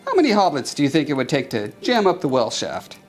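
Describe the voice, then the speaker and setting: A man voicing a curious, measured male wizard in a storybook reading, close to his own voice. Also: on the high side, wildly swooping pitch, soft background music. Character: wise old male wizard.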